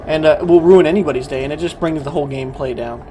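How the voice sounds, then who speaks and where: A young man hosting his gaming channel, ranting in a profane, heated way that swings from mumbled asides to loud outbursts. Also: a little high, quick pace, slight background noise. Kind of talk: casual ranting vlog.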